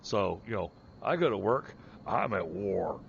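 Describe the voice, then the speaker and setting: A man chats casually while he plays, rambling, restarting sentences and poking fun at himself. His voice comes through a dull, lo-fi mic with steady noise behind it. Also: sits low, unhurried, gravelly. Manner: self-deprecating, rambling with restarts. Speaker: streamer and project manager. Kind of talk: casual chat while gaming.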